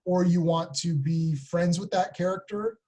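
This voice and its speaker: Husky excited man talking comics. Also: high-pitched, a little slow. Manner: excited, rambling, acts out quotes. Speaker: podcast co-host. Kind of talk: casual comic book discussion.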